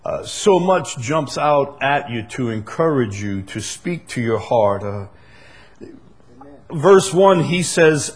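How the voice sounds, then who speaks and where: A man preaching a sermon as pastor, emphatic, repeating key phrases and swinging between loud declarations and soft asides. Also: medium pitch, expressive, takes it slowly, husky.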